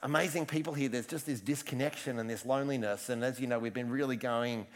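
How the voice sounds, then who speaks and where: A man's voice: mid-range voice, fast talker. A man preaching a casual sermon, chatty and joking, often restarting his sentences. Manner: chatty, self-interrupting, joking asides. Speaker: pastor.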